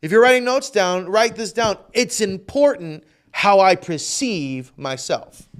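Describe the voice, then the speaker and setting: A man's voice: sits high, animated, unhurried. A male pastor preaching a livestreamed sermon with fervent intensity, repeating phrases for emphasis.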